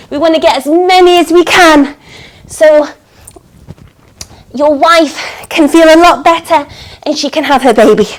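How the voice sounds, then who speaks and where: A woman teaching a storytelling yoga class for children, giving animated, coaxing instructions full of gasps and exclamations. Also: sits high, a little slow, low-quality recording.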